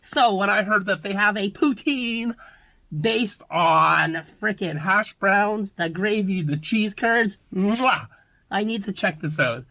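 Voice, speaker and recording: Grumpy, bright-voiced food reviewer. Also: medium pitch, slow, no room sound, low-quality recording. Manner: grumpy, complaining.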